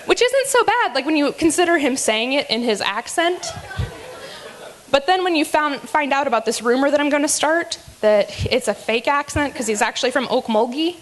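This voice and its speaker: A woman with a slightly high voice runs a live comedy roast from the stage. She teases each speaker with a giggly, rambling delivery full of ums and likes. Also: animated, moderate pace. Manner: teasing, giggly, many fillers. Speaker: roast emcee.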